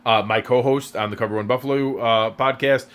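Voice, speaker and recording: A man's voice: medium pitch, steady tone, brisk, a bit bright. A man co-hosting a fantasy football podcast, chatting casually and rambling through many restarts and hesitations. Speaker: podcast co-host. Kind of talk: casual sports chat.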